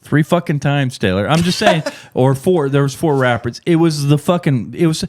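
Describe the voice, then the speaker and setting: A middle-aged man hosting a podcast, telling a profane, animated story in casual chat. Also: normal speed, a little hiss or hum. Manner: profane, animated storyteller, voice jumps high and loud when acting out shouts. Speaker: podcast host.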